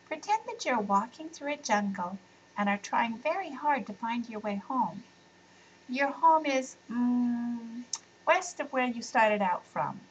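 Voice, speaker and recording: A woman voicing a kind, patient mother who gently explains things to her children in a bedtime story. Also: a little high, far from the mic, lo-fi sound, slight background noise.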